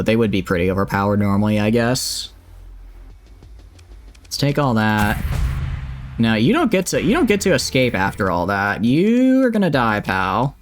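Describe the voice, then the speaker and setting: A man with a Southern accent, chatting and joking while streaming a space game and reading its text aloud. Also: lowish voice. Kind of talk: livestream gameplay commentary.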